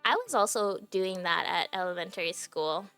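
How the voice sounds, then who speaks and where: A woman's voice: lowish voice, normal speed, a bit bright, smooth, soft background music. A young adult woman streaming, chatting casually to her viewers, giggly and filling her talk with "like". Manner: chatty and giggly, heavy use of "like" fillers. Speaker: livestreamer.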